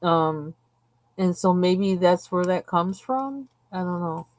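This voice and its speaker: A woman's voice: fairly low pitch, expressive, slow pace. A woman hosting a live stream, chatting casually and rambling from one tangent to the next while she colors. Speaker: livestream host.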